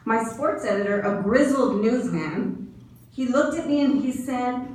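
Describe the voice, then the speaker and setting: A woman's voice: fairly high pitch, expressive, unhurried, darkish tone. Echoey far-off woman giving a commencement address. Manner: storytelling with quoted dialogue. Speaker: graduation speaker. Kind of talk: commencement speech. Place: large hall. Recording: echoey hall from far off, faint noise.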